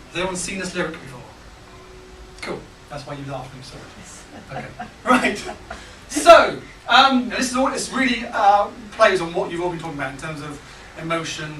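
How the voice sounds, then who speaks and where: In a large hall, a man leads a songwriting workshop for a small group, speaking in a relaxed, halting way with plenty of ums and restarts. His high voice is picked up from a distance, surrounded by roomy echo and constant background noise.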